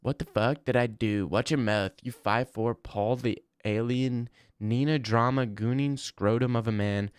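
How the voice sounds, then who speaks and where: A man's voice: mid-range voice, steady tone, unhurried, few pauses, clean tone, no room sound, studio quality. A man in his twenties chatting casually on a live stream, rambling bluntly and swearing freely. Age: 20s.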